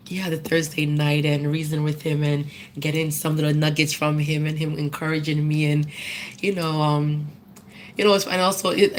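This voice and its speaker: A woman speaks at a memorial, telling stories conversationally before turning to earnest questions for the audience. Her voice sits a little low. Faint background noise runs under the speech. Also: poor audio. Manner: conversational storytelling, earnest appeals. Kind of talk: personal tribute speech.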